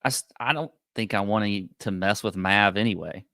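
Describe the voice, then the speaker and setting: Low-voiced man on a remote call. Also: a little fast, pushed and bright, no room sound, clean studio sound. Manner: easygoing, hesitant, repeats words. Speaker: podcast co-host. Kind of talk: casual golf betting chat. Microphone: remote call over unstable Wi-Fi.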